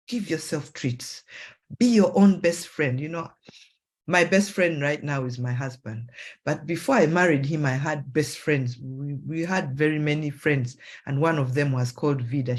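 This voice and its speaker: A woman psychologist with a Ugandan English accent giving a motivational talk, acting out self-talk in a raised voice. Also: slightly rough. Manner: animated, acts out self-talk in a high voice.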